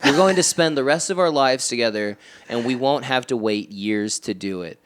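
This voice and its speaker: A man with a voice of ordinary pitch, co-hosting a comedy podcast. He reads text messages aloud in a flat reading voice, then breaks off with mocking asides and laughter. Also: moderate pace.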